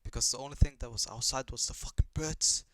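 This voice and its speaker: A man's voice: mid-range voice, fast talker, fairly bright tone, no room sound. Profane rambling young man reacting to anime. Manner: profane, rambling, puzzled questions, laughs a lot. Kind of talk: casual reaction commentary.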